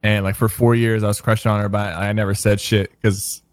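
A man's voice: fairly low pitch, level tone, a little fast, no echo. A young man telling a story in a casual podcast chat, laid-back and full of "like" and "bro".

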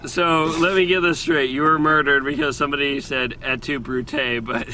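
Bright-voiced man bantering. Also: on the high side, fairly even intonation, normal speed, a little hiss or hum. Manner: joking, teasing banter. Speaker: podcast co-host. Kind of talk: casual chat.

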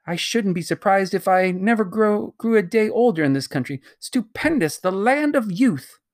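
Reader doing greedy old uncle in his 60s, pompous, gloats, schemes out loud, storybook voice. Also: high-pitched, normal speed, pitched above the performer's own voice. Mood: dreamy. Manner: gloating, grandly excited, schemes aloud.

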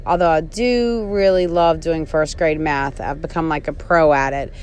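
A woman's voice: sits low, steady tone, moderate pace, a little mellow, slight background noise. A woman co-hosting a casual talk show, playful and rambling, joking about home life. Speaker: podcast co-host. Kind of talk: casual chat, mock teacher play.

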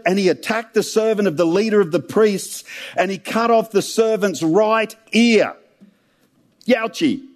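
A man's voice: on the high side, a little mellow. A man preaching a sermon, retelling scripture in a conversational, humorous way.

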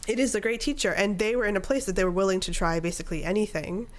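This thirty-something woman talks fast at a medium pitch. As a podcast guest, she recounts something from her own life in a casual chat, playing out the thoughts running through her head.

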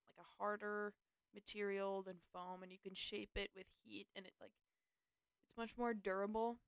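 Young woman, casual podcast host, rambling, self-mocking, smooth clear voice, dry close sound. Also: mid-range voice, no echo. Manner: rambling, self-deprecating, filler-heavy. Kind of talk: casual solo podcast talk.

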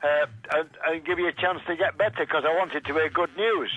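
A man's voice: a little high, fairly even intonation, brisk, a bit bright, slightly rough. An older man chatting politely and hesitantly on a phone call, often restarting his sentences. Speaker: prank call target. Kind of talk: phone conversation. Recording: muffled phone audio with faint music.

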